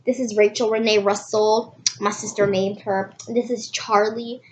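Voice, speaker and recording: A woman hosting a casual read-aloud, reading haltingly with restarts and dropping into soft asides. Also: mid-range voice, level tone, a little hiss or hum. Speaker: host reading a book aloud.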